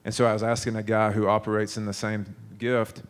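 A man's voice: fairly low pitch, level tone, fairly quick. A man in his thirties preaching a sermon, telling stories in a conversational way with frequent restarts.

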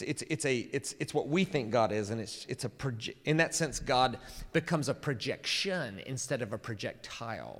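Animated male preacher in an echoing hall. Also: mid-range voice. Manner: animated, stumbles and repeats words. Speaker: pastor. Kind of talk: sermon. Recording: long hall reverb.

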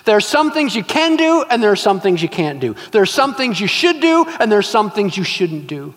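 A man's voice: high-pitched, brisk. A male pastor preaching a sermon, telling stories and acting out scenes with emphatic repetition. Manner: animated storytelling, acts out scenes, emphatic repetition. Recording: long reverb of a large hall.

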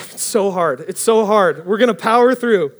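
A young man preaching a casual storytelling sermon, animated and rambling, often breaking off mid-sentence. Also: high-pitched, normal speed. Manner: animated, rambling, self-interrupting.

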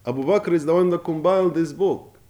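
Impassioned preacher, man, mellow voice. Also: on the high side. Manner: impassioned, rising and falling, recites Arabic quickly. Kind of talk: Ramadan sermon.

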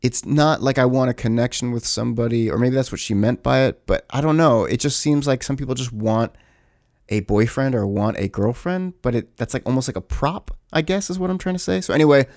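A man's voice: medium pitch, fairly quick, a little mellow, no room sound, studio quality. A man casually telling a story to his camera in a rambling, self-correcting, sometimes profane way. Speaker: vlogger.

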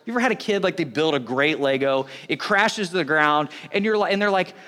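Lively high-voiced pastor in echoing hall. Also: male voice, fairly quick. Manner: conversational, joking, self-interrupting. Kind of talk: sermon. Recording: long hall reverb.

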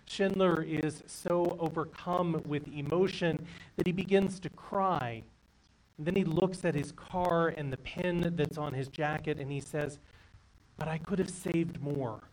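Preaching man, somewhat high voice, distant. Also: fairly even intonation, a little slow, a little mellow, a little hiss or hum. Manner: earnest storytelling preaching. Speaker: pastor. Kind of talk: sermon.

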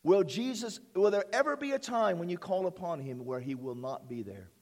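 A male pastor delivers a church sermon in a fairly high voice for a man. He builds through repeated lines and calls out "amen?" to draw responses from the congregation. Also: animated, moderate pace, darkish tone. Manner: preaching with call-and-response amens and repeated phrases.

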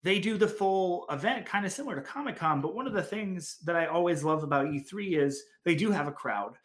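Podcast co-host, male, slightly high voice, rambling and enthusiastic. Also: lively intonation, brisk, fairly bright tone. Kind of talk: casual chat.

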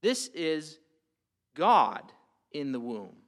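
A man's voice: fairly high pitch, very animated, drawn-out words. A man preaching a sermon, emphatic, asking rhetorical questions and often repeating words. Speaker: pastor.

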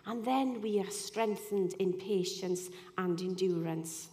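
A woman delivers a sermon in an earnest, chatty way, often pausing for a "you know." Her voice sits at an ordinary middle pitch. A long reverb trails each phrase, as in a large hall. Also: warm tone. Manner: earnest, conversational, with frequent "you know" asides. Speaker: speaker giving a devotional talk.

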